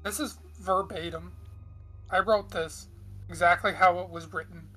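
A woman's voice: lowish voice, steady tone, unhurried, a bit bright, faint music behind. A woman casually hosting a true-crime podcast, chatty with frequent asides. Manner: chatty, reads aloud with frequent asides and throat clearing. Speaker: podcast host.

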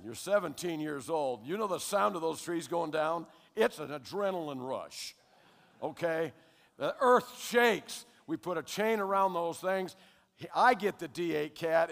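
Older american guy giving his testimony to a church crowd, slightly high voice, long echo from a big hall. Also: gravelly. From United States. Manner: animated storyteller who keeps checking in with the audience. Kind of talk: spoken testimony to a congregation.

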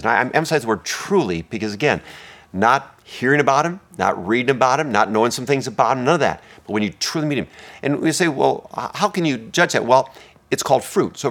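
A man preaching a sermon as pastor, swinging between hushed, intimate lines and loud, emphatic ones. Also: medium pitch, slightly rough.

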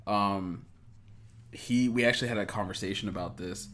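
A man's voice: fairly low pitch, moderate pace, a bit bright, a little hiss or hum. A young man co-hosting a podcast, laid-back and swearing freely, with a slightly stuffy nose from a cold. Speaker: podcast co-host. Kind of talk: casual podcast chat.

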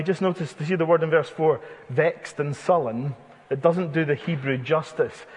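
A man's voice: fairly high pitch, darkish tone. A man in his thirties preaching an expository sermon, retelling the scripture in a vivid storyteller's way. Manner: vivid storytelling, dramatizing the text with asides. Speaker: pastor. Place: church hall. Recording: husky voice in a church hall with long reverb.

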